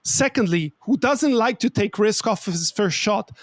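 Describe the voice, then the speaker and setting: A man's voice: sits high, lively intonation, unhurried, no room sound, studio quality. A man hosting a podcast, a native Italian speaker talking in English, asking thoughtful questions while searching for his words. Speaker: podcast host. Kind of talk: casual interview chat.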